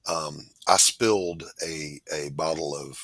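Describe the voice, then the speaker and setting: A man hosting a casual chat, telling folksy, animated stories and reading out comments. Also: very deep voice, slow pace, no room sound, rough recording.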